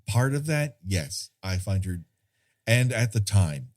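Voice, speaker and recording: A man's voice: fairly low pitch, very animated, takes it slowly, a little mellow. A man co-hosting a podcast, chatting casually about a film, rambling and searching for words. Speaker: podcast co-host.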